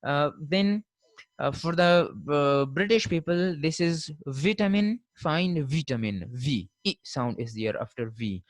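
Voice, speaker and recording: A man giving a recorded linguistics lecture, modelling word pronunciations slowly and checking in with "fine" after each point. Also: fairly high pitch, no room sound.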